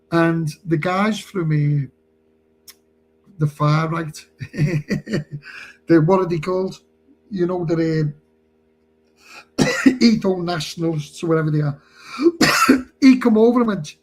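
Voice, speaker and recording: A man's voice: high-pitched, husky, poor audio. A man telling a rambling story on a live stream, chatty and laughing as he goes.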